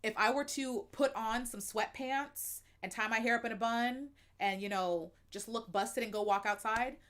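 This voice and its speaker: A woman's voice: a little high, moderate pace. Frank, laughing American woman streamer. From United States. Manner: frank, expressive, laughs often, uses fillers like um and like. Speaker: livestream host. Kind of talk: candid personal chat to viewers.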